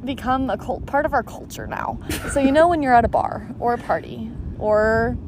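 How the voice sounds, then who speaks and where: A young woman talks as a podcast guest, playful and enthusiastic, with a fairly high voice. She is recorded outdoors. Planes and traffic are clearly heard behind her. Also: normal speed. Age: 20s. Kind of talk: casual podcast chat. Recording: outdoor noise with passing planes.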